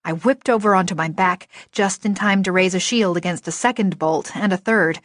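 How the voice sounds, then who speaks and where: A woman reads a first-person novel aloud with lively, expressive delivery. Her voice sits at a middle pitch for a woman. The sound is dry and close, with no room around it. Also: normal speed, no room sound. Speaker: audiobook narrator.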